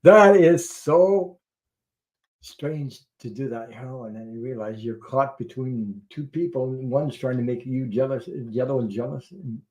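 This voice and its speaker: On a tarot livestream, a middle-aged host talks in a mid-range, darkish voice at a slightly slow pace. He rambles, laughs a lot and swears casually, and the audio quality is poor.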